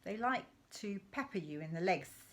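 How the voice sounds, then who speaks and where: A woman's voice: mid-range voice, expressive, normal speed, lightly acted. A woman reading aloud voices a boastful, mischievous father who relishes telling his son tall tales about poaching. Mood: conspiratorial.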